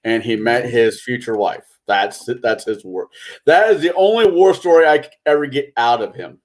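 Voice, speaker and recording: A man in casual chat, making quick joking asides, a little sleep-deprived. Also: medium pitch.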